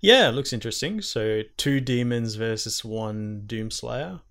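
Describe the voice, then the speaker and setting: A relaxed man talking games with a friend, loose and meandering. His voice sits at an ordinary middle pitch, and he pauses often with ums before picking the thread back up. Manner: laid-back, chatty, trails off with ums. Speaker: podcast co-host. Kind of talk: casual gaming chat.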